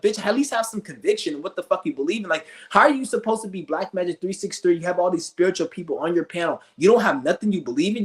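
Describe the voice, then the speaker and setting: A male streamer ranting with scorn, rambling and cursing as he goes. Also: high voice. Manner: profane, scornful, rambling rants. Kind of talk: ranting commentary.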